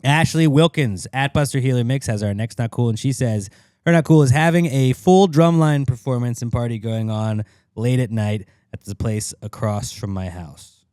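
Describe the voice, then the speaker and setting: A male podcast co-host with a mid-pitched voice, joking and cursing in loose banter. He reads listener mail and riffs off it, recorded close on a dry studio mic. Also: normal speed, a little mellow, clean tone, dry recording. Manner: crude, joking, swears freely.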